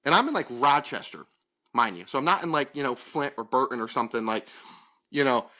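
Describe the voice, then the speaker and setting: A man's voice: mid-range voice, lively intonation, brisk, bright, forceful tone. Profane, exasperated man telling a story. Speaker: podcast co-host. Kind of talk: casual storytelling chat.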